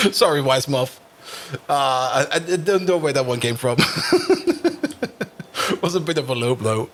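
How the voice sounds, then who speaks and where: A man's voice: mid-range voice, sing-song, slow, long pauses, a bit bright. A man streaming a game live, chatting casually with his viewers and laughing often.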